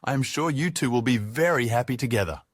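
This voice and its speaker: A man's voice: mid-range voice, lively intonation, fast talker, dry recording, clean studio sound, lightly acted. A man voicing a cheerful young female casino trainee who speaks broken English in an over-the-top, fake happy way. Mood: gushing.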